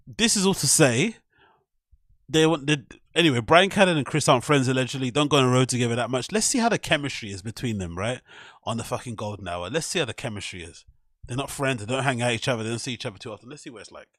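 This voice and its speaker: A man's voice: medium pitch, expressive, quick pace, fairly bright tone, dry recording. Guy ranting and mocking stuff, swears a ton, dry close sound. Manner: profane, mocking, laughs often. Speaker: podcast host reacting to clips. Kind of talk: casual commentary.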